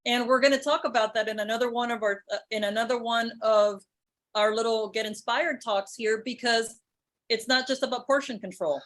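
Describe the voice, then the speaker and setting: A woman's voice: fairly high pitch, fairly even intonation, fairly quick, fairly bright tone. A woman who works as a weight loss program doctor, speaking in an upbeat, persuasive way in a casual chat.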